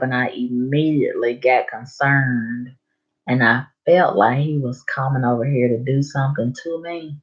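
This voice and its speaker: A woman vlogger telling a story from her bedroom, slow, emphatic and profane. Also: very deep voice. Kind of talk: casual storytelling vlog. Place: bedroom at home. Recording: dull lo-fi sound.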